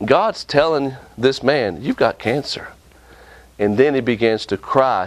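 A man preaching a sermon with impassioned delivery, often jumping up and down in pitch for emphasis. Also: animated, unhurried.

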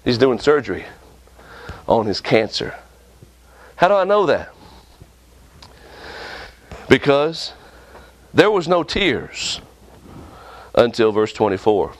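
A man preaching a sermon with impassioned delivery, often jumping up and down in pitch for emphasis. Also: sing-song, slow, pauses often.

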